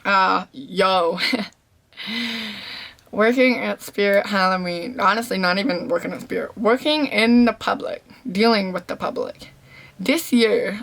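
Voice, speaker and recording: A young deaf woman chatting casually to camera, telling stories in a slangy, animated way and acting out what people said. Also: medium pitch, takes it slowly, vocal fry. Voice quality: deaf speaker's voice. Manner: animated storytelling, slangy, acts out quotes. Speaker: vlogger. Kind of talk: casual talking-to-camera recap.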